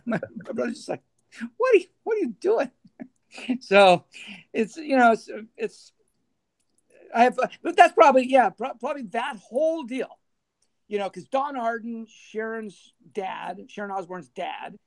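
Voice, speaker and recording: Gravelly, high-voiced man telling stories. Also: normal speed. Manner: animated anecdotes, laughing, acting out others' voices. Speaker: guest, former band manager. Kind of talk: casual storytelling interview.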